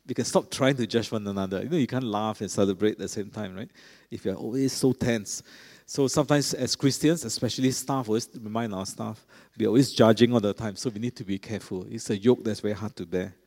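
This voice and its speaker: A man's voice: on the low side, brisk, few pauses, a little mellow. A middle-aged man preaching a sermon, talking to the congregation in a conversational way and often checking in with them. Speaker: pastor. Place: large church. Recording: long reverb of a large church.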